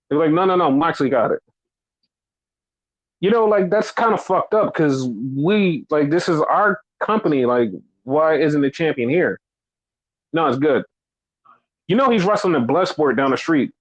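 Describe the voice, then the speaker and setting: A man's voice: on the high side, animated, normal speed, poor audio. A man co-hosting a wrestling podcast, ranting with heavy swearing and exasperation, mocking fans in quoted voices. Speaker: podcast co-host.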